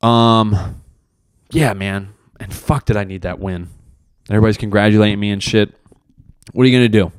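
A man's voice: lowish voice, normal speed, pauses often, clear, resonant tone, dry recording, clean studio sound. A young man hosting a solo podcast, talking in a rambling, profane, self-mocking way. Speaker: podcast host. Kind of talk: casual solo podcast monologue.

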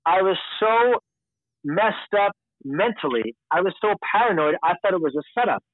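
Guy from long island rambling thru a story, kinda high voice, sounds like a phone line, dry. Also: animated, normal speed, no echo. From Long Island, New York. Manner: candid, rambling. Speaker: podcast guest. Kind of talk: casual storytelling.

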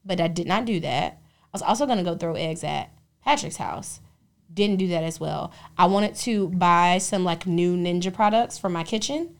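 A young adult woman co-hosting a podcast, telling stories in a lively, profane, casual way. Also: fairly low pitch, moderate pace. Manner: animated, profane storytelling. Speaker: podcast co-host. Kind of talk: casual chat.

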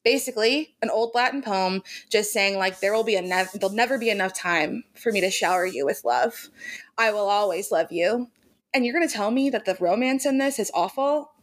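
A woman's voice: mid-range voice, brisk. Gushing young woman book podcaster. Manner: gushing, emphatic, laughs often. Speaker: podcast co-host. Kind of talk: casual book chat.

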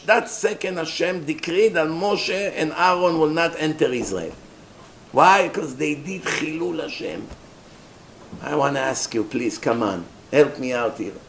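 A man giving a sermon as a rabbi, telling the story in an animated way with rhetorical questions and mocking asides. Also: on the high side, slight background noise.

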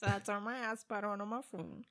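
A woman in her thirties with a Puerto Rican accent, chatting casually and telling animated family stories with plenty of swearing. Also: mid-range voice, brisk. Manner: animated storytelling, acts out kids' voices, swears freely, mixes Spanish. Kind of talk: casual chat.

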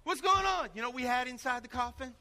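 A pastor preaching a sermon, telling stories in an animated way and acting out the voices of the people in them. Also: male voice, very high voice, quick pace, long reverb tail, very noisy.

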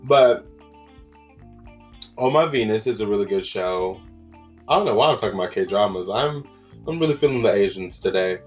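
A man talks through a casual solo podcast in a lowish voice, drifting from thought to thought with plenty of fillers and sudden exclamations. Soft guitar music plays faintly behind him. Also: expressive, normal speed, long pauses. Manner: rambling, chatty, with many fillers and exclamations. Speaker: podcast host.

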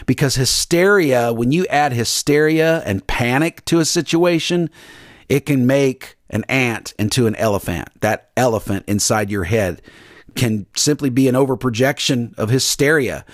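Earnest preacher on a podcast. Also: male voice, fairly high pitch, very animated, unhurried, dry recording, studio quality. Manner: earnest, repetitive, acts out panicked voices. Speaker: pastor podcast host. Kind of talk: devotional podcast sermon.

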